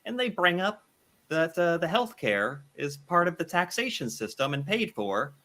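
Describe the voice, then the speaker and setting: American man, animated reactor, bright tone and a lot of swing in the pitch. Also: normal speed. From United States. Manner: animated, laughs often, thinks aloud. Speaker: video reactor. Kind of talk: casual reaction commentary.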